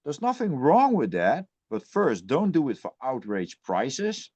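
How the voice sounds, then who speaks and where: A man's voice: fairly high pitch, huge pitch swings, unhurried, a little mellow. Man, podcast guest, death metal musician, blunt profane rant, muffled lo-fi audio. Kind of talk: casual podcast chat.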